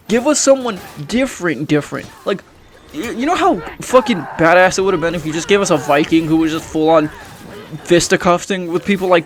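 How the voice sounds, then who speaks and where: A young man giving frustrated, profane game commentary as a YouTuber, often restarting his sentences. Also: sits high. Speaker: gaming YouTuber.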